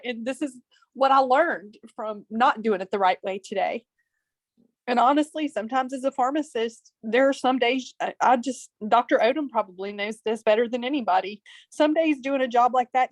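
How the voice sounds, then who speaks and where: A woman's voice: fairly high pitch, moderate pace, dry recording. A woman, a pharmacist, sharing personal reflections on a group video call in an earnest, heartfelt way. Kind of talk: personal sharing in casual talk.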